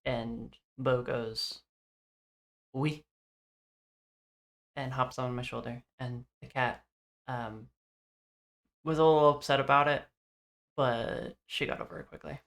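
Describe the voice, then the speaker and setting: A woman narrating as game master for a tabletop game, halting with many fillers. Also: a bass voice, steady tone.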